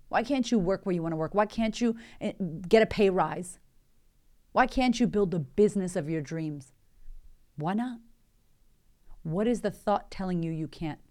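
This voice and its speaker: A woman in her thirties, hosting a motivational podcast as a life coach, talking in an energetic, conversational way and firing off rhetorical questions. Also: fairly low pitch.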